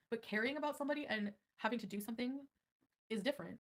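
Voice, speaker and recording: Fast-talking woman ranting on a livestream. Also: fairly high pitch, fairly bright tone. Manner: defensive, ranting, talks to chat. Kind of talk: livestream rant.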